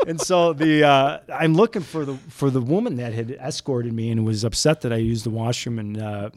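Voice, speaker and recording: A man's voice: medium pitch, a little fast, no room sound, studio quality. A man from Chicago, a news photojournalist, telling stories as a guest in a casual chat. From Chicago, USA. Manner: animated, lively storyteller.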